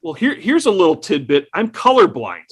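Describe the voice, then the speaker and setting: A fairly high male voice with lively, swinging intonation. He rants and jokes his way through a casual podcast chat. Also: brisk, husky. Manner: joking, ranting. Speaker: podcast co-host.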